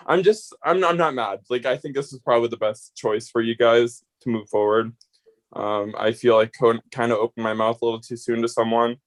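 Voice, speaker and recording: A man giving a rambling, heartfelt farewell speech on voice chat as an eliminated player. He swears freely and grows emotional. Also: medium pitch.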